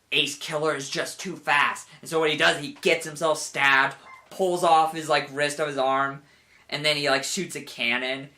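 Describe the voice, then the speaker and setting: Young male reviewer, bright voice, rambly, heavy on "like", animated retelling. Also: on the high side. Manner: rambling, full of "like", animated quoting with laughs. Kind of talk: casual spoken review.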